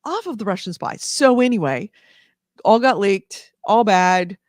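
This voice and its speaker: A man's voice: high voice, lively intonation, unhurried, no echo, clean studio sound. A man from California co-hosting a casual gaming news podcast, rambling with many fillers and restarts. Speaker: podcast co-host.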